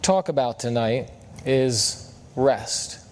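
A man's voice: mid-range voice, slow, a little mellow, a little hiss or hum. A man preaching a sermon in a friendly, conversational way, often asking the congregation questions. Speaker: guest preacher. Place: church service.

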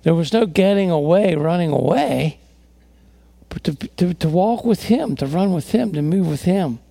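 A man's voice: high voice, lively intonation, normal speed, gravelly, mellow, no room sound. A man preaching a sermon as a pastor, telling stories earnestly, often restarting and repeating words.

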